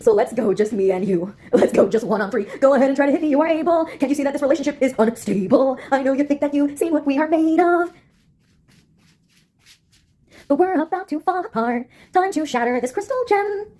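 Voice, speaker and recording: A woman's voice: high-pitched, expressive, fast, hardly any pauses, warm tone. A woman voicing an unhinged female villain who taunts and goads a giant, swearing and breaking into singsong. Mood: manic. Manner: erratic, swearing, singsong outbursts.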